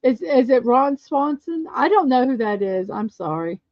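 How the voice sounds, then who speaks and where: A woman hosting a casual livestream chat show, chatty and quick to laugh as she tells stories and answers viewer comments. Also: high-pitched, very animated, no room sound. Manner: chatty, laughs often, storytelling. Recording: dull lo-fi dry sound.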